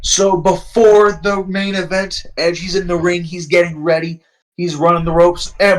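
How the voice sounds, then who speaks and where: A man narrating a wrestling management game in loose, rambling commentary. He swears often and gets excited at twists, with a voice a little higher than most men. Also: normal speed, poor audio. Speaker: let's-play narrator.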